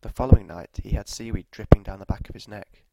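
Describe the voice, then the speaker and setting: A man narrating a scripted story in a measured, even delivery, with walking directions at the end. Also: fairly low pitch, creaky, low-quality recording.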